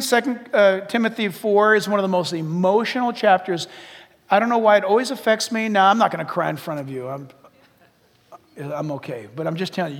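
High-voiced, animated male pastor in a big hall. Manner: animated, humorous, dropping to hushed asides. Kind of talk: sermon. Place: church sanctuary. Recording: long reverb of a large hall.

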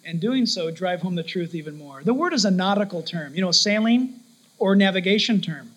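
A man preaching a sermon, telling stories with lively shifts of voice and acting out the people in them. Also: high-pitched, a little fast, rough recording. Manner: animated storytelling, acts out quoted voices.

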